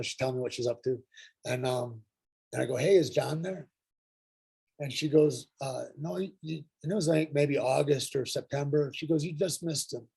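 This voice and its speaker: A middle-aged man telling his personal recovery story at a workshop, earnest and halting, with frequent pauses and restarts. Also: mid-range voice, vocal fry, mellow, slightly rough. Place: Santa Fe.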